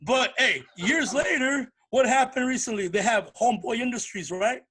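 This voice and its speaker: Husky high-voiced comedian telling stories. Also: male voice, moderate pace. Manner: animated, acts out voices in anecdotes. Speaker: comedian guest. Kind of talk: casual storytelling interview.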